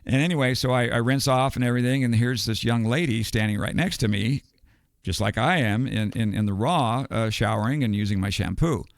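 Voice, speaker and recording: This older American podcast guest has a mid-range voice and a brisk delivery as he spins a long, digressive yarn, laughing softly between details. The studio-quality audio is dry.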